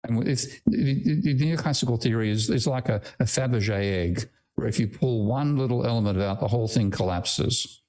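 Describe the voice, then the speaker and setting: A man's voice: medium pitch, normal speed, darkish tone. An older man with an Australian accent giving an online academic lecture over a video call, blunt and irreverent, swearing casually. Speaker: guest lecturer.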